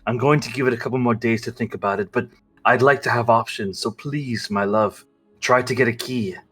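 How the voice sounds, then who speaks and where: A man voicing a scheming male prisoner who speaks low and affectionately to his lover. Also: brisk, a bit bright, husky, soft background music. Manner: low and affectionate, angry when crossed.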